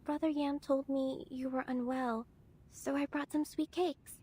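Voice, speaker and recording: A woman voicing an earnest, gentle young female disciple in a game, soft-spoken. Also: high-pitched, fairly even intonation, a little slow. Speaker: game character. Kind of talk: game voice acting.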